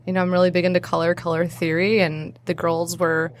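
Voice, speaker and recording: A young adult woman, a hairstylist and cosplayer, is a bubbly guest in a casual podcast interview, laughing often and using lots of fillers. Her voice is fairly low with little pitch movement and brisk pacing, and there's a slight hiss or hum.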